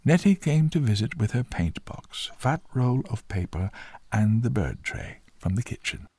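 A man narrating a children's storybook in a gentle, expressive way. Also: mid-range voice, a little slow, husky, no echo.

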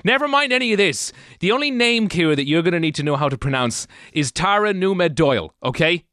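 A man's voice: sits high, fast talker, dry recording, studio quality. A man co-hosting a radio show, chatting casually in jokey banter. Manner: animated, jokey. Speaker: radio co-host.

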